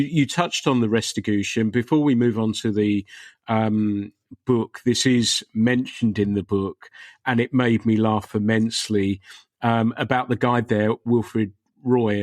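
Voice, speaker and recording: A man hosting a podcast interview, asking his guest questions in an appreciative, gently leading way. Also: on the low side, no echo, clean studio sound. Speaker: podcast host.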